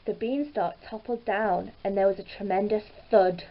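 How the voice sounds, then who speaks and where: A woman's voice: medium pitch, steady tone, highs cut off. A woman narrating a fairy tale aloud in a careful storybook reading. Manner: slow, careful read-aloud delivery.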